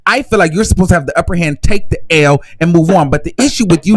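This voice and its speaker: A man hosting a live reaction commentary, talking in a sassy, animated gossip style. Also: a little high, fast, few pauses, husky, no echo. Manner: sassy, animated gossip with shrieking laughs and mock voices. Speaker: commentary host.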